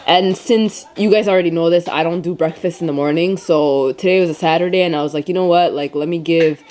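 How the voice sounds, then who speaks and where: Woman, stay-at-home mom vlogger, lower pitch, weary, casual and blunt, talking straight to camera. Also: fairly quick, a little mellow, a little hiss or hum. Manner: chatty, rambling, frank. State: tired. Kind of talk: casual vlog talk to camera.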